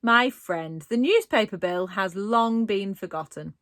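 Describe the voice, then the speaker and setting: A jittery, timid newsagent, as a woman reader voices him frets in nervous rushes of words. His voice rises and falls with a lot of movement. The storybook sound is close and dry. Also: medium pitch, expressive, a bit bright, no room sound. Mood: kindly. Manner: nervous and fretful, talks in anxious rushes. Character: jittery, timid male newsagent, middle-aged. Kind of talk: storybook reading.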